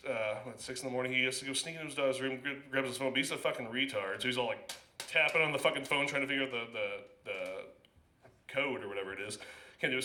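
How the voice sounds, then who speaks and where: Open-mic comic, male, middle pitch, bright edgy tone, halting rambling delivery, echoey small club. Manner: rambling, halting, with many restarts and fillers. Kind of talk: stand-up storytelling.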